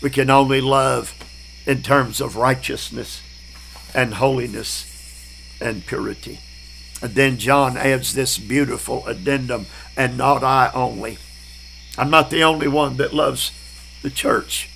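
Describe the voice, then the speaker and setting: Slow, gravelly preacher man. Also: mid-range voice, steady tone, fairly bright tone, slight background noise, rough recording. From Southern United States. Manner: slow, emphatic, repeats key words. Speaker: preacher teaching a Bible class. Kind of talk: Bible study sermon.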